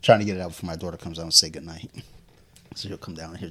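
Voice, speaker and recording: A deep, bright-toned man with a slightly husky edge, chatting casually. He swears freely, laughs through his stories and sounds a little drunk. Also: steady tone, rapid-fire. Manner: profane, laughing, storytelling. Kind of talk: casual chat.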